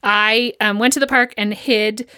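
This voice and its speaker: Female podcast co-host, bright tone, friendly and chatty. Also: fairly high pitch, fairly even intonation, a little slow, clean tone. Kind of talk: casual chat.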